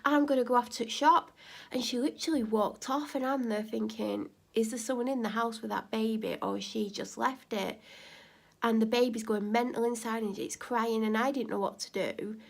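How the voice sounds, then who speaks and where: A woman vlogging casually, retelling a neighbour dispute animatedly and getting louder at heated moments. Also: a little high, moderate pace, gravelly. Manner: animated, rising to near-shouting when retelling an argument. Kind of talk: casual storytelling vlog.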